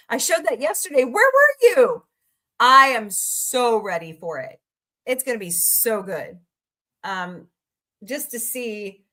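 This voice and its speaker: A woman's voice: mid-range voice, bright, forceful tone. A woman hosting a casual live stream, chatting and joking with viewers about movies and reading their comments. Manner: chatty, jokey, reads and answers viewer comments. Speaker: livestream host.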